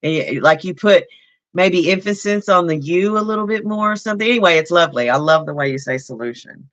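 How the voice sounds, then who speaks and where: A woman with a Southern US accent chatting on a livestream, effusive and expressive, laughing often. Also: lowish voice, quick pace, no room sound. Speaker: livestream guest. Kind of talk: casual livestream chat.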